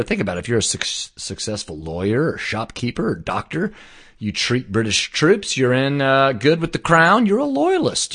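A man telling a story in casual chat, animated and slangy, swearing now and then. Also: medium pitch.

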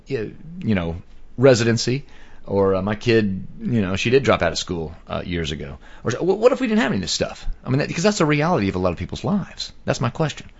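A middle-aged man hosting a podcast, telling a long exasperated story with voiced quotes and many fillers. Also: medium pitch. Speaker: podcast host. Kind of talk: casual storytelling monologue. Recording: dull lo-fi sound.

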